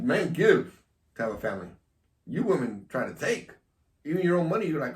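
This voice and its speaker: A man's voice: a little high, big pitch swings, a little fast. A man hosting a casual chat, provocative and teasing, laughing often. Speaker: host. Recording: echoey room, mic at a distance.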